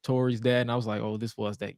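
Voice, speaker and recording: A man in his thirties co-hosting a podcast, telling stories in a casual, animated way, swearing freely and using lots of fillers. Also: mid-range voice, fast, clean tone, no echo, studio quality. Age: 30s. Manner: animated, profane storytelling with many fillers. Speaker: podcast co-host. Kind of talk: casual chat.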